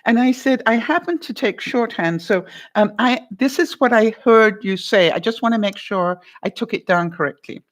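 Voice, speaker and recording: Older woman telling a lively workplace story. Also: on the high side, moderate pace, hardly any pauses. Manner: animated anecdote-telling, quotes both sides of a phone call, laughs often. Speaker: vlogger giving life advice. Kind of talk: casual storytelling to viewers.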